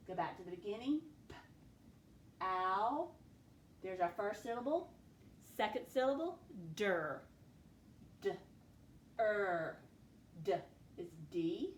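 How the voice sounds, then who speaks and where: Slow, patient woman teacher sounding out words. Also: medium pitch, roomy sound, slight background noise. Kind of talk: recorded phonics lesson for students. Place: classroom with a board.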